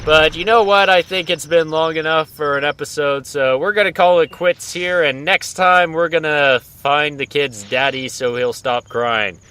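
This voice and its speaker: A man's voice: fairly high pitch, normal speed, hardly any pauses, pushed and bright, a little hiss or hum. A man hosting a casual let's-play, joking around and talking to the characters on screen. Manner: goofy, jokey, talks to the characters on screen. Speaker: gaming channel host.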